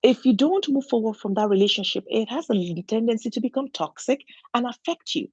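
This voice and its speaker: Husky-voiced woman giving an earnest pep talk. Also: on the high side, lively intonation, brisk, darkish tone, no room sound, muffled recording. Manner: earnest, encouraging, many restarts. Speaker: motivational speaker. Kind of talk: inspirational talk.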